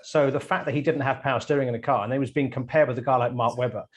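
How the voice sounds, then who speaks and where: A man presenter jumping in to tell lively anecdotes in a casual video panel chat. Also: mid-range voice. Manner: storytelling, lively, quick to jump in.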